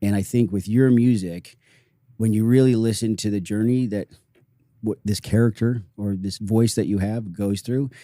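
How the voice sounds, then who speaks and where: A male podcast host with a fairly low, mellow voice. He talks eagerly, piling up restarts. The sound is close and dry. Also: steady tone, normal speed, no room sound. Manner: enthusiastic, talks over himself with restarts. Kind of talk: casual interview chat.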